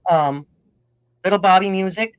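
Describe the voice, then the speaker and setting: A middle-aged woman from northern Minnesota talks in a loose, rambling way, breaking into laughter as she tells stories. Her northern Minnesota accent colours a mid-pitched voice. The recording is close and dry, with no room sound. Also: moderate pace, smooth, no room sound. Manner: chatty, rambling, laughs often while telling stories. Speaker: guest musician-podcaster. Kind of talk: casual interview chat.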